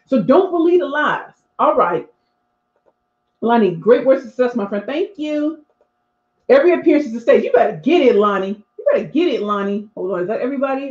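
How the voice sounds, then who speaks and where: This live stream features a woman in her forties, a speaking coach, engaging her viewers directly and reading their comments aloud. Her voice is fairly high with a darkish tone. The room is echoey and the sound dull and lo-fi.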